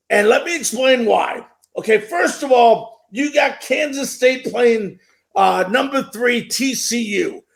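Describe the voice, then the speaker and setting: Middle-aged man, sports radio host, gravelly high voice, slow, shouty, hammering his points home. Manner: emphatic, repetitive, building hype. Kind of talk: sports talk radio monologue.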